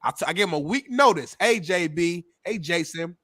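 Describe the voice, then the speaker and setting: A man's voice: sits high, expressive, a little fast, pushed and bright. A man co-hosting a sports talk show in casual banter, playful and teasing. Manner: playful, teasing, hums sound effects. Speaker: co-host.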